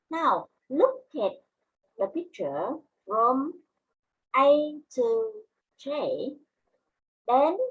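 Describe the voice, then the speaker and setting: Vietnamese-accented woman, English teacher, husky voice, unhurried classroom delivery. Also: on the high side, fairly bright tone, rough recording. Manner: slow, deliberate, repeats words for learners. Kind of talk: classroom lesson.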